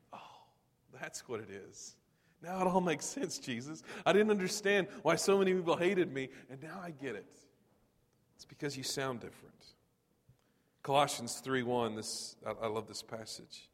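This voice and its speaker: A man in his forties from Texas, preaching a sermon in a conversational storytelling way with touches of humor. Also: mid-range voice. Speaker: pastor. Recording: long reverb of a large hall.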